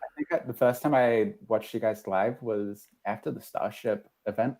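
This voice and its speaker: An Australian man joining as a guest on a casual show, playful and quick to laugh. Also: on the low side, darkish tone. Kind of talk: casual chat.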